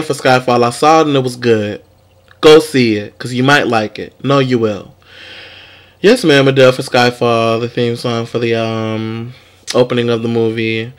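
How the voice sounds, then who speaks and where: A young man hosting a casual celebrity gossip vlog, sassy and profane, talking straight to his viewers. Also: mid-range voice. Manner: sassy, profane, animated commentary. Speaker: vlog host.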